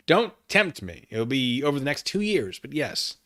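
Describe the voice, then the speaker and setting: A man's voice: medium pitch, big pitch swings, takes it slowly, sharp tone. A man streaming from his living room, chatting casually and reading chat aloud, rambling and self-deprecating.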